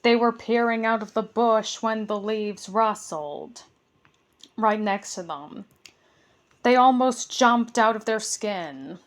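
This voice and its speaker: Slow, gentle bedtime storyteller woman. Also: fairly high pitch.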